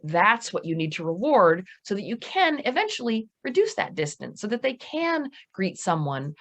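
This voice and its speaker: A middle-aged woman, a dog trainer giving a seminar lecture, lively and emphatic, speeding up when she gets going. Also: medium pitch. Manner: lively, emphatic, talks fast at times.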